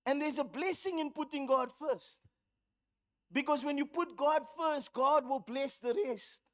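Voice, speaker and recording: High-voiced South African woman preaching. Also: unhurried. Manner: storytelling, rising into fervent exhortation. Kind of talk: sermon.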